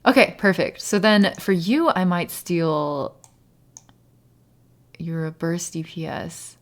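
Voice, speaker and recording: A woman live-streaming a game, chatting casually and thinking aloud, breaking into laughs and sometimes slipping into Mandarin. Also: takes it slowly. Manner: laughs often, bursts into high excited yelps. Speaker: variety streamer.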